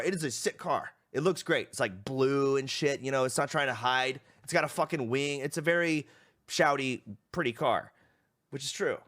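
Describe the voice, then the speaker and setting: Animated young man telling a story. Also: medium pitch. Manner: animated, swearing, acts out quoted people. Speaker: streamer. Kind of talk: casual storytelling to stream.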